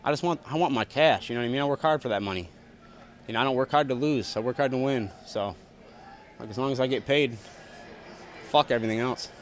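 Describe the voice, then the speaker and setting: Fast-talking blunt profane young man. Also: medium pitch. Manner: blunt, profane, rapid and repetitive. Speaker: fighter at post-fight press scrum. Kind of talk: post-fight interview answers. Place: arena backstage press area.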